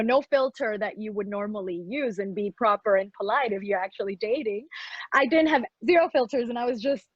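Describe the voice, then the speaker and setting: A young adult woman telling a personal story in an animated way, acting out the other people's lines and mixing in Spanish words. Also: fairly high pitch, dry recording, lo-fi sound. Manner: lively, acts out quoted voices, mixes in Spanish words.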